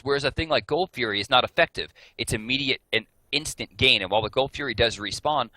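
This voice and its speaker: Bright-voiced male esports caster. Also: medium pitch, no room sound, low-quality recording. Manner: analytical, joking banter with co-caster. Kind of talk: play-by-play commentary.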